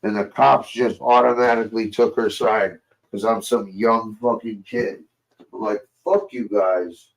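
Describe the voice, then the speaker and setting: A man's voice: lowish voice, level tone, unhurried, creaky, low-quality recording. A young man telling rambling, profane stories in casual chat with a friend. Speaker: host.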